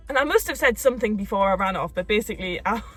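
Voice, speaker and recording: Young woman, casual storytelling, animated, faint music behind. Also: on the high side, normal speed, husky. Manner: animated, laughing, acts out quotes. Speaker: co-host of a couple's channel.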